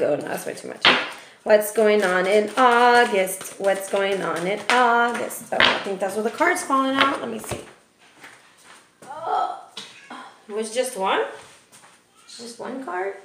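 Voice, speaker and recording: A woman's voice: a little high, animated, a little slow, pauses often, background noise. A woman giving a casual tarot reading, chatty and profane, often ending remarks with "okay?". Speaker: tarot reader. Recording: roomy echo.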